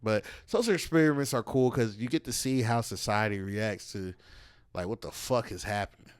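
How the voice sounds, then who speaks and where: A man's voice: lowish voice, moderate pace, clear, resonant tone, no room sound. A Texan man hosting a comedy podcast, spinning loose, profane anecdotes. He acts out the voices of the people in his stories. His voice is close and dry, with no room sound around it. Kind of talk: casual chat.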